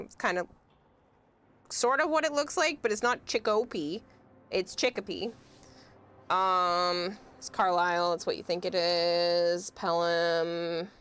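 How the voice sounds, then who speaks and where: A woman's voice: on the low side, a bit bright, clear, resonant tone. A woman, chatting casually on a livestream and explaining with amused laughs.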